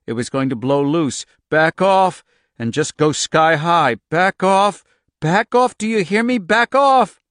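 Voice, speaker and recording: A man voicing a terrified, furious young girl who shouts desperately, in a dry, close recording. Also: medium pitch, normal speed, few pauses, dry recording, pitched above the performer's own voice, close to an everyday voice. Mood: furious shouting.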